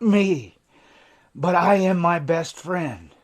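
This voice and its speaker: Recovery coach, male, high-pitched, fervent and emotional, hushed then intense, live stream monologue. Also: a little slow. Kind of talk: impassioned livestream monologue.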